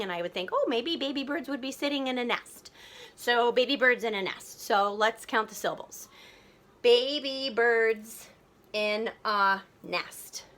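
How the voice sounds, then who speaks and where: A woman teacher giving a recorded lesson, thinking aloud and slowly sounding out syllables. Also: medium pitch, sharp tone.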